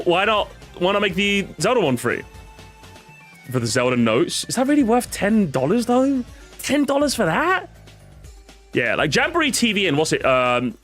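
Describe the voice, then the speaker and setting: A man streaming and reacting to his chat in casual commentary, excitable, laughing often and swearing casually. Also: fairly high pitch.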